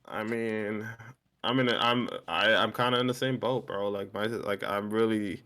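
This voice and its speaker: A man's voice: on the low side, moderate pace, sharp tone. A young man in casual podcast chat, rambling and swearing, with many restarts. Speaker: co-host.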